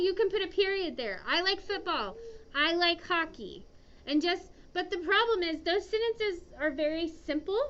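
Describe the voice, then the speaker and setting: A woman's voice: very high-pitched, a bit bright, slight background noise. A woman teaching an English grammar lesson to a class, chatty and often checking in with "okay". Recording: dull lo-fi classroom recording.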